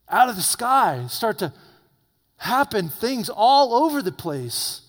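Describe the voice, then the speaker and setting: A man preaching an evening sermon, swinging between loud urgent peaks and low hushed warnings. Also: sing-song, takes it slowly. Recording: long reverb of a hall.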